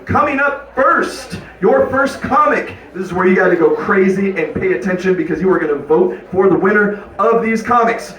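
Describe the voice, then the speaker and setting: A man emceeing a comedy show, announcing comics in a loud, high-energy way. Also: expressive, moderate pace, hardly any pauses. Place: comedy club stage. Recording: echoey club from a distant mic with crowd.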